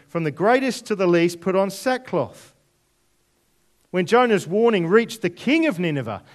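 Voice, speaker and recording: A man preaching a sermon, reading scripture aloud and explaining it with deliberate, dramatic emphasis. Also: sits high. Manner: slow, deliberate, dramatic drops to near whisper on key words.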